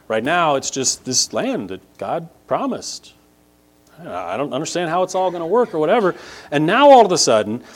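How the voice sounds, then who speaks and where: A Bible teacher with a voice on the higher side walks through a casual lesson using a map. He talks conversationally, frequently asks "right?", and emphasizes key words.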